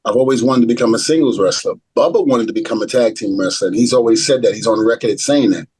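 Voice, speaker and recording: A husky middle-aged man tells a long story as an interview guest. He acts out each line of remembered dialogue. His voice sits in a mid register and is recorded dry and close, with no room sound. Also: medium pitch, quick pace, no echo, rough recording. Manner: animated storyteller acting out quoted dialogue. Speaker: retired pro wrestler, guest.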